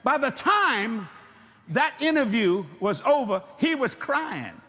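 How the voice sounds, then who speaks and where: A male preacher, telling stories in a sermon, animated and joking, bursting into shouted emphasis. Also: very high-pitched, slow, breathy edge. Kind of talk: sermon with storytelling.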